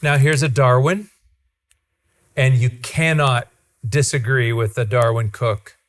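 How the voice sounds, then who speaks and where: Guy hosting a podcast, excited and chatty, tells stories with lots of energy. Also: mid-range voice, takes it slowly. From Ontario, Canada. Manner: enthusiastic, animated storyteller. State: father. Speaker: podcast host. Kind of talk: casual chat.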